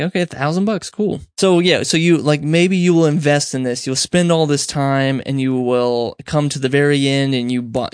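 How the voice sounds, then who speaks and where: A man's voice: mid-range voice, clean tone, dry recording, clean studio sound. A young man hosting a podcast, giving casual advice in a rambling, self-correcting way and acting out little quoted exchanges. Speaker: podcast host. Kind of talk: casual solo advice talk.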